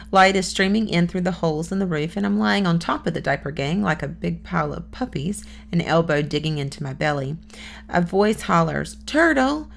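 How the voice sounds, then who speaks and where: A woman's voice: lowish voice, vocal fry, a little hiss or hum. A woman reading a children's novel aloud as first-person audiobook narration, plain storytelling with small lifts for dialogue.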